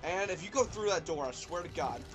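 Excitable young man yelling over gameplay. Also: high-pitched, fairly quick, music in the background. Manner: excitable, yelling and laughing at the game. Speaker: let's play gamer. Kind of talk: gameplay commentary.

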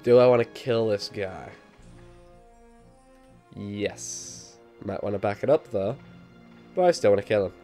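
A man with a Liverpool accent and a slight cold, giving excitable let's play commentary and yelping at his own mistakes. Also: measured pace, pauses often, soft background music. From England. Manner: excitable, sudden high yelps at mistakes, self-mocking. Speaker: gamer.

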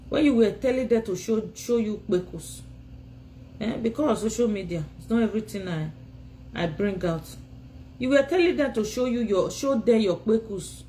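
A woman's voice: medium pitch, lively intonation, moderate pace, a little mellow, slight background noise, rough recording. A Nigerian woman ranting in a phone live video from home, scolding and insulting her rivals while tired and sleepy. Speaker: vlogger.

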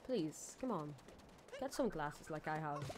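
A woman's voice: low-pitched, lively intonation, unhurried. Lady streamer mumbling and squealing over a game, self-mocking, bit of faint hiss behind. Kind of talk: casual let's-play commentary.

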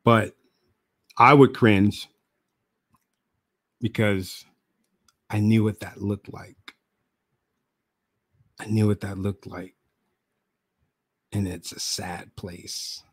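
A man talks to his viewers in a relaxed, reflective way, often repeating his words for emphasis. His voice sits fairly low, and he takes his time. The sound is close and dry. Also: very slow, long pauses, no room sound. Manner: relaxed, repeats phrases for emphasis, laughs at himself. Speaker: motivational speaker and video host. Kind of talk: casual reflective monologue to camera.

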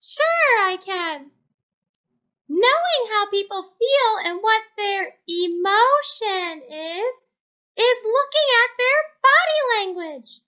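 A squeaky, timid snail puppet. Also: female voice, expressive, slow pace, bright, forceful tone, heavily acted. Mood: nervous, helpful. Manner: squeaky, easily startled, earnest. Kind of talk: children's puppet show.

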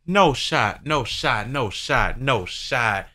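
A man reacting to memes in casual chat, excitable and quick to laugh, often repeating short exclamations. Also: mid-range voice.

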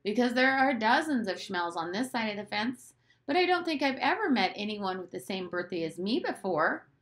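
A woman reading aloud, voicing a quiet, thoughtful nine-year-old boy in a storybook. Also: mid-range voice, big pitch swings, moderate pace, pitched above the performer's own voice.

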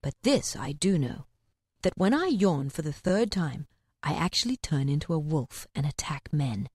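A woman voicing a crafty, smooth-talking male thief in a storybook reading, low and theatrical. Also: lively intonation, moderate pace, darkish tone, no echo, clean studio sound. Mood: sly.

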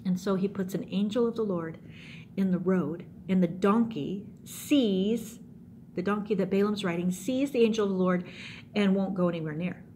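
Middle-aged woman preacher, lively youth talk, middle pitch. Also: normal speed, slight background noise. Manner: animated, acts out scenes with voices. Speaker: youth pastor. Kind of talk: youth sermon.

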